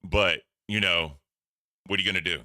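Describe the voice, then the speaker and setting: Deep-voiced blunt male stream host. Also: fairly even intonation, moderate pace, pushed and bright, no room sound, studio quality. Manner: blunt, rambling, profane. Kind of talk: casual commentary on stream clips.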